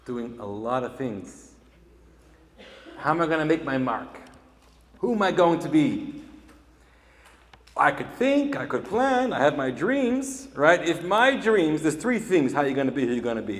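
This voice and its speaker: Israeli man, fairly high voice, commencement speaker, emphatic and questioning, echoey hall with long reverb. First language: Hebrew. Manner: emphatic, asks the audience questions. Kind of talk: graduation speech to an audience. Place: large event hall.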